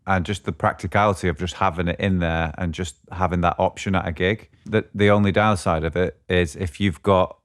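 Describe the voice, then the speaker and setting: Deep-voiced man chatting casually. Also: fairly even intonation, a little fast, hardly any pauses. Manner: chatty, thinks aloud, searches for words. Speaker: podcast co-host. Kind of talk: casual chat about guitar gear.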